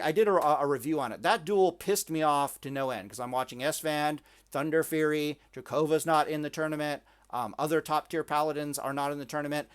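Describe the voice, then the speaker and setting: A man's voice: a little high, clean tone. A man ranting about game strategy as a video commentator, swearing freely and stumbling over repeated words as he talks. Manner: ranting, profane, repeats words and restarts often. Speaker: gaming commentator. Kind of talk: opinionated gaming commentary.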